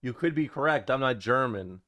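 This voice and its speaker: A man's voice: mid-range voice, animated, moderate pace, bright, forceful tone. A young man, a streamer chatting casually to his viewers in a rambling, jokey way. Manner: rambling, jokey, talks to chat.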